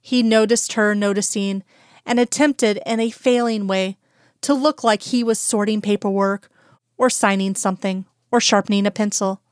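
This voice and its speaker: A woman narrating a fan-fiction audiobook in a steady, even storytelling manner. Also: mid-range voice, normal speed, clear, resonant tone, no echo, studio quality.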